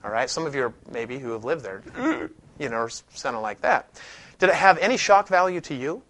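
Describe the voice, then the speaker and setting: A Bible teacher with a mid-range voice gives a classroom lecture with scripture reading at a moderate pace. His style is casual and conversational, with frequent sentence restarts and lively, heavy emphasis on key points.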